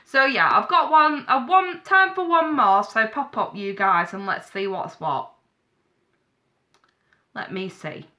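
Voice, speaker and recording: A woman's voice: a little high, slow, sharp tone. A woman giving a live-streamed tarot reading, chatty and frank, calling viewers darling and sweetheart. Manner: blunt, frank advice with swearing. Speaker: tarot reader.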